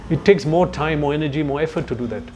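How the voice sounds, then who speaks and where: A man's voice: a little high, fast talker, a little mellow, a little hiss or hum. Man giving a conversational scripture talk. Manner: conversational storytelling with asides to listeners; searches for words mid-sentence. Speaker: spiritual lecturer. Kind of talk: scripture lecture to a youth group.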